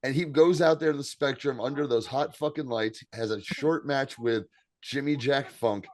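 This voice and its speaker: A man in his fifties co-hosting a podcast, telling animated, profane stories in casual chat. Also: mid-range voice, moderate pace. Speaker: podcast co-host.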